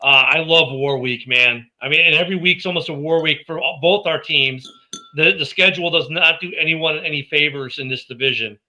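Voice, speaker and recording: A man's voice: fairly high pitch, brisk, sharp tone, rough recording. A man hosting a casual sports podcast, upbeat and joking as he plugs the show and signs off. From Minnesota. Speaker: podcast host.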